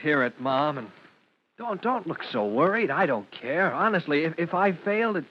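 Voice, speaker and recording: A man's voice: on the high side, sing-song, moderate pace. An actor playing an earnest young fireman recruit in a 1940s radio drama, stammering with eagerness. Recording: dull old radio recording.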